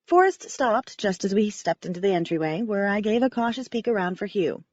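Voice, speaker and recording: A woman narrating a first-person audiobook in a wry, animated manner. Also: medium pitch, fairly quick, hardly any pauses, no room sound, highs cut off.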